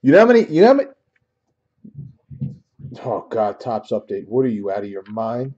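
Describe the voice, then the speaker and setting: A man's voice: mid-range voice, expressive, moderate pace, pauses often, warm tone, muffled recording. A man hosting a casual card-opening break, grumbling and joking with his viewers.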